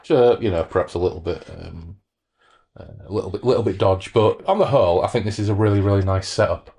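A man's voice: lowish voice, fast talker, a little mellow, husky. A middle-aged man hosting a podcast, reading a novel aloud and then chatting in a rambling, self-deprecating way. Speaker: podcast host. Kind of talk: book reading and casual chat.

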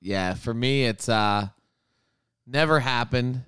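A man's voice: mid-range voice, slow pace, a bit bright, clean tone. A man co-hosting a casual chat who makes crude, teasing wisecracks. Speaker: podcast co-host.

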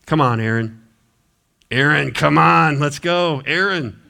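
A man voicing a fed-up male leader who quits and grumbles in a deadpan way. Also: a little high, takes it slowly, gravelly, exaggerated voice. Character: fed-up old male leader quitting in a huff.

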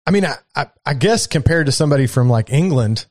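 A man's voice: fairly high pitch, expressive, fast, darkish tone, no echo, clean studio sound. A man with a Southern US accent, talking enthusiastically in a casual podcast chat and swearing a lot. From southern United States. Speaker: podcast co-host.

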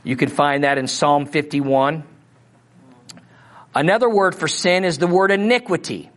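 Missouri guy preaching a bible lesson, kinda high voice, chatty, keeps asking the room if they got it. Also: measured pace, a bit bright. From Missouri, USA. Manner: conversational, asks the audience questions. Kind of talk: Bible teaching.

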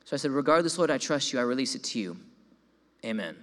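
A man's voice: medium pitch, quick pace. A young man giving a sermon testimony, telling his story with animation and stumbling over repeated words. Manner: animated storytelling, voices his own quoted thoughts; repeats words when excited. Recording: long hall reverb.

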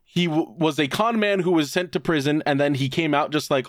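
A man's voice: fairly high pitch, brisk, no echo, studio quality. A man co-hosting a casual podcast, swearing often as he rants through a movie recap. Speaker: podcast co-host.

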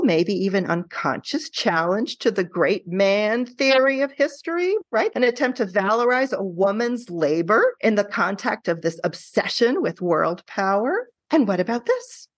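A woman who teaches qualitative research, guesting on a podcast and telling stories in an animated way, often checking in with "right?". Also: mid-range voice, unhurried, dry recording. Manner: animated storytelling, frequent tag questions.

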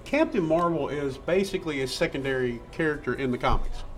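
Guy co-hosting a chat, laughs a lot, bit high voice, faint hiss behind. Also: animated, a little fast. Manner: laughs often, chatty, rambling. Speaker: podcast co-host. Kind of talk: casual chat. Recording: faint background noise.

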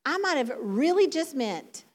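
A woman's voice: sits high, big pitch swings, unhurried. Chatty Southern woman giving a sermon. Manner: chatty, laughs often, many fillers. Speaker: church speaker. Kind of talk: casual sermon. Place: church sanctuary before a congregation.

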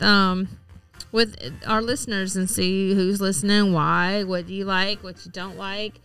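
A woman chats casually as a podcast co-host, her voice bright and smooth, with faint music in the background. She talks freely, laughs often and swears without a second thought. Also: medium pitch, little pitch movement, measured pace. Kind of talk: casual chat.

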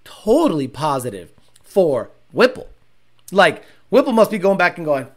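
A man livestreaming to his car channel's chat, talking casually in an animated, profane, slangy way. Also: high voice, normal speed.

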